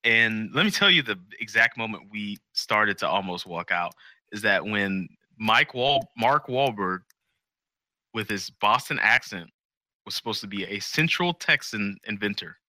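A man's voice: on the low side, animated, unhurried, pushed and bright, no echo. A man co-hosting a podcast in casual chat, rambling and joking as he tells stories. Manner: rambling, jokey storyteller. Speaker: podcast co-host.

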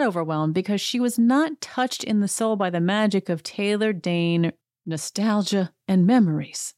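A woman's voice: mid-range voice, moderate pace, darkish tone, no room sound, studio quality. A woman hosting a podcast, giving a chatty and wry recap of a TV episode. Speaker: podcast host. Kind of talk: casual TV recap monologue.

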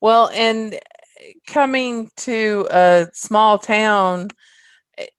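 A woman interviewing a guest, asking slow, encouraging questions. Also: medium pitch, clean tone, dry recording. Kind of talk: interview conversation.

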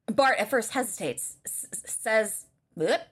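A woman co-host reading fan fiction aloud in an animated, laughing way on a livestream. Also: on the high side, measured pace, husky. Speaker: podcast co-host. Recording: livestream with faint noise.

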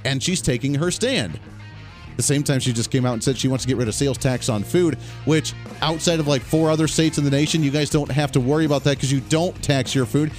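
A man's voice: on the high side, no echo. A man hosting a talk radio show, giving blunt, opinionated, emphatic political commentary from a studio.

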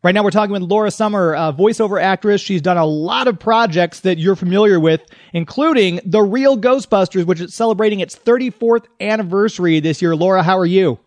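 A man's voice: high-pitched, a little fast, hardly any pauses, no room sound. A man hosting a radio interview show, eagerly asking rambling questions as an enthusiastic fan.

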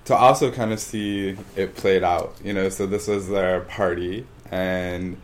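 A man's voice: low-pitched, steady tone, a little slow, slight background noise. A man co-hosting a podcast in casual chat, rambling and hesitant with many fillers. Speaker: podcast co-host.

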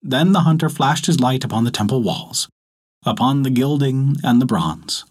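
A man reading a folktale aloud as a storyteller, in measured, expressive narration. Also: mid-range voice, husky. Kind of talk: scripted narration.

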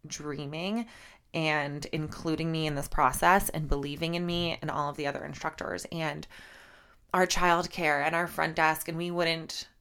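A woman's voice: low-pitched, fairly bright tone, clean tone. A young woman hosting a casual solo podcast, heartfelt and gushing, teary and close to crying, with lots of repeated words and fillers. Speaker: podcast host and fitness instructor.

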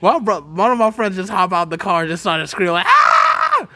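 A man's voice: high voice, fast, sharp tone, dry recording, shouting. Young male podcast host, easygoing slang-heavy chatter, lots of fillers. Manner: laid-back slangy storytelling, many fillers. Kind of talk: casual chat.

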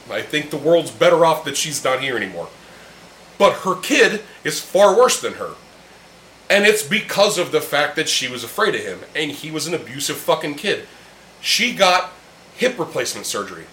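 With a slightly high, very animated voice and a sharp tone at normal speed, a man hosts a casual podcast chat over beers with friends in a room. He's blunt, heated, and swears constantly, and the audio carries a roomy echo and a faint hum.

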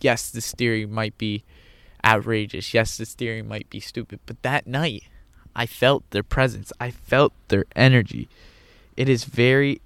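A man's voice: mid-range voice, fairly even intonation, a little slow, creaky, a bit bright, dry recording. A man telling a personal story in an earnest way, repeating phrases for emphasis. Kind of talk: personal monologue.

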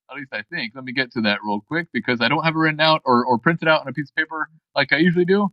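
A man co-hosting a podcast in casual chat, halting and restarting his sentences, laughing easily. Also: on the high side, no room sound, muffled recording. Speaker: podcast co-host.

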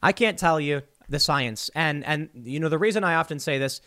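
A man's voice: on the high side, normal speed, pushed and bright. A man hosting a solo commentary show, thinking aloud with restarts and mocking quotes. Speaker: political commentary host.

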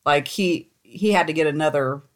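A woman's voice: low-pitched, moderate pace. A woman co-hosting a podcast, telling a story casually and laughing often. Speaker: podcast co-host.

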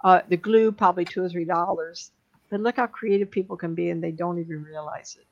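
A middle-aged woman, a psychic medium, giving readings on a live stream in an emotional, chatty way with many fillers and pauses. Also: lowish voice, steady tone, vocal fry. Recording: dull lo-fi stream audio.

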